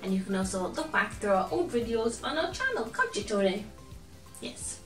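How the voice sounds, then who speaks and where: A woman reading a picture book aloud to children, gentle and expressive, chatting now and then to a toy companion. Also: mid-range voice, moderate pace, recorded from a distance, faint music behind. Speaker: children's storyteller. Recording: roomy echo, from off the mic.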